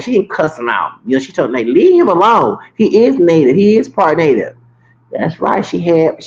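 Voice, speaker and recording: A man's voice: high-pitched, gravelly, highs cut off. A man in his late forties ranting to his viewers in a heated, rambling monologue, swearing and restarting his sentences. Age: 40s. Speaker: vlogger.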